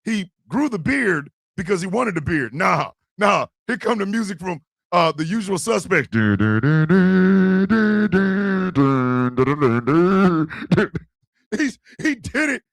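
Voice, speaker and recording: Creaky, animated male show host. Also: high-pitched, moderate pace, few pauses, no room sound, studio quality. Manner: loud, animated, often shouting and laughing. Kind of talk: live talk show monologue.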